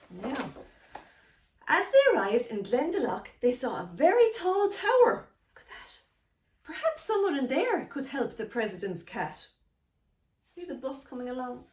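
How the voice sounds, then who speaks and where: A woman's voice: sits high, roomy sound. A woman reading a picture book aloud to children, often speaking to them directly. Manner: animated, addresses children directly.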